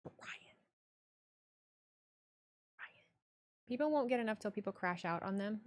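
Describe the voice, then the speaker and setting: A young adult woman streaming live, reading chat and talking in a blunt, profane, animated way. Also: medium pitch, brisk.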